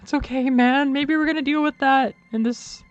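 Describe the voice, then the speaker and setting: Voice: high-pitched, fairly even intonation, normal speed, dull audio, soft background music. A streamer chatting casually with frequent giggles while playing a visual novel.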